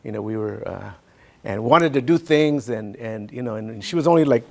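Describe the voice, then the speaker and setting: A man giving a keynote speech, telling personal stories in a relaxed, chatty way with many fillers. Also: medium pitch, fairly quick, creaky. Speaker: keynote speaker.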